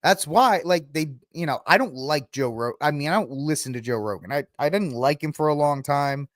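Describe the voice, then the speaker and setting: A man's voice: on the high side, lively intonation, normal speed, no room sound, studio quality. A man hosting a podcast, talking through the news in a rambling, sarcastic way and laughing at his own jokes. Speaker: podcast host. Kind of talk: casual political commentary.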